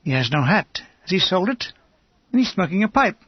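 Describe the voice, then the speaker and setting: Male audiobook reader, measured memoir tone, husky voice, dry and slightly dull recording. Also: sits high, sing-song, no echo. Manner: measured, understated first-person reading.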